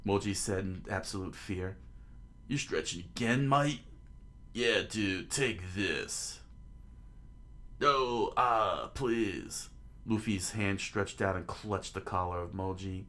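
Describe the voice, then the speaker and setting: A man voicing a blustering, cowardly male villain who shouts and panics. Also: lowish voice, takes it slowly, long pauses. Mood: panicked.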